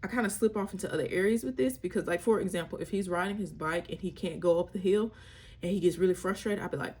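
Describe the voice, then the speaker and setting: In a casual parenting vlog, a young mother speaks fast in a lowish, darkish, slightly rough voice. Candid, wry and slangy, she shares tips and now and then puts on playful voices.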